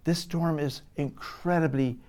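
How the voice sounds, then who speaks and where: Man preaching with loud-to-whisper swings. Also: a little high, fairly even intonation, a little slow. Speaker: pastor. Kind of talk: sermon.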